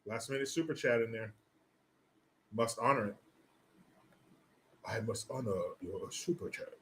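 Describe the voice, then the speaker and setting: A man's voice: mid-range voice, measured pace, fairly bright tone, slight background noise. A man hosting a livestream, talking casually and crudely, mocking with big theatrical swings. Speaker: livestream host.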